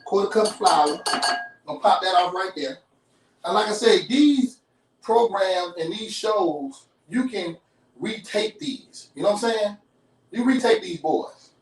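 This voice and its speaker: Cooking host, male, chatty and down-home, fairly high voice, distant roomy sound. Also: lively intonation, a little slow. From Chicago. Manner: chatty, folksy, talks straight to viewers. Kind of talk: live cooking demonstration. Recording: roomy kitchen, off-mic.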